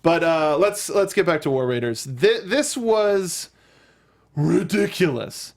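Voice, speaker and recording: A man's voice: on the high side, lively intonation, slow pace. A man hosting a wrestling recap show, rambling playfully in casual chat and often quoting himself. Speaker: host.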